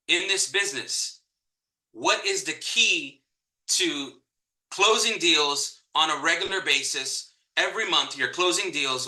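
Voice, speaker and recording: Energetic male trainer, tense bright tone, echoey room. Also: fairly high pitch. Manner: energetic, repeats key points for emphasis. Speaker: real estate trainer. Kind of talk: live online training talk.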